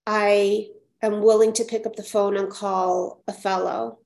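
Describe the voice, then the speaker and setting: A woman's voice: medium pitch, level tone, unhurried, vocal fry, a little mellow. Reflective woman sharing her story, echoey. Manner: reflective, repeats phrases, frequent "right?". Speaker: speaker at a recovery meeting. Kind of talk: personal share at a support meeting.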